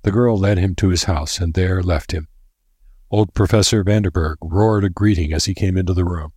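A man reading a story aloud in a steady, measured narration. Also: sits low, husky, no room sound. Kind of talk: scripted narration. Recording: dry close recording.

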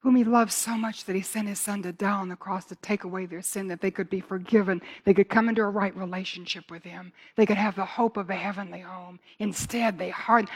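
A middle-aged woman preaching a sermon, moving from hushed, slow phrases to loud, fervent reading of scripture. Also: mid-range voice, fairly even intonation, slightly rough.

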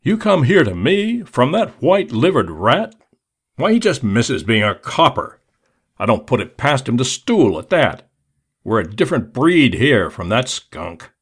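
A man's voice: medium pitch, sing-song, measured pace, slightly rough, full character voice. A man voicing a commanding gang leader who talks curtly and growls at others. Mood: angry. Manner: growling, curt.

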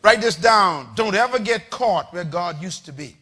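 Male preacher, very high and sharp-toned, fiery call-and-response sermon delivery. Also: lively intonation, normal speed, a little hiss or hum. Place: church with congregation.

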